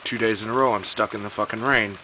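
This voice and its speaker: Brief: young man, lowish voice, ranting and cursing through a casual vlog story. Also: steady tone, fast, bright, forceful tone, slight background noise, poor audio. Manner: profane, exasperated storytelling.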